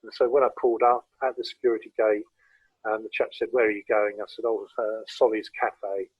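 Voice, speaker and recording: Relaxed southern English man, husky voice. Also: fairly low pitch, brisk, no room sound, lo-fi sound. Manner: relaxed, anecdotal, with frequent hesitations. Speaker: guest speaker presenting photography. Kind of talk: informal illustrated talk. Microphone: video call.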